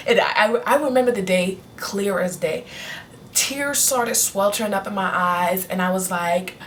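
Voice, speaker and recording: A woman's voice: medium pitch, moderate pace, a bit bright, far from the mic, slight background noise. A young woman vlogger chatting casually to her camera, candid and rambling, often restarting her sentences. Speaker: beauty vlogger. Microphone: on-camera mic.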